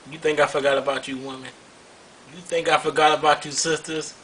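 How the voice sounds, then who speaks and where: A man's voice: on the high side, level tone, fairly quick, a bit bright, slight background noise, rough recording. Scolding male talk show host. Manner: preachy, scolding, rhetorical questions. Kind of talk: monologue commentary.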